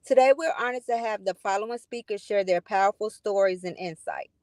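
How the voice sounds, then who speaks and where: A woman's voice: medium pitch, a little fast, darkish tone. A woman hosting a town hall, reading introductions and names from a list. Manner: reads names in a list, slips on a name.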